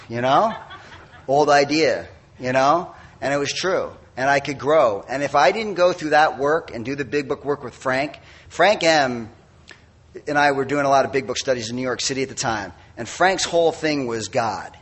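A middle-aged man speaking at a recovery meeting, giving a candid, self-mocking personal testimony full of quick asides. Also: mid-range voice, a bit bright, husky.

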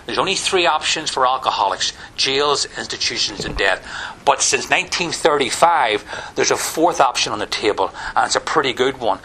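A man's voice: medium pitch, pushed and bright, a little hiss or hum, poor audio. A middle-aged man with a Northern Irish accent, giving a wry personal testimony at a recovery meeting, with many "you know" fillers. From Northern Ireland.

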